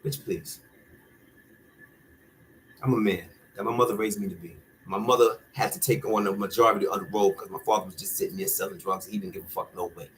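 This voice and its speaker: A man's voice: fairly low pitch, fairly even intonation, fairly quick, slight background noise, poor audio. A man talking straight to the camera in a candid rant, blunt, profane and heated. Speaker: vlogger.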